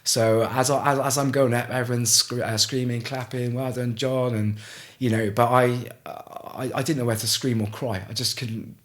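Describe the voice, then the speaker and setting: A middle-aged man from Gloucester, telling a story as a podcast guest in a halting way, with frequent restarts. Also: medium pitch, level tone. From Gloucester, England. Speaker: guest, ice swimmer. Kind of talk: casual storytelling in a podcast interview.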